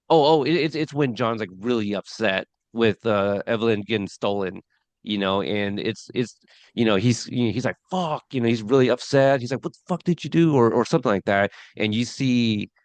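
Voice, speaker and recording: A man's voice: lowish voice, clear, resonant tone, no room sound. A man co-hosting a podcast review of a TV episode, talking casually with lots of fillers and restarts. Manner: chatty, many fillers and restarts.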